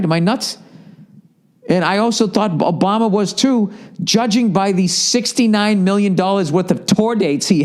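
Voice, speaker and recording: A man's voice: a little high, a little mellow. A middle-aged man with a Boston accent, hosting a podcast and ranting profanely while mocking others in silly voices. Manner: swears constantly, mocking put-on voices. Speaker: podcast host. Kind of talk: profane comedic rant.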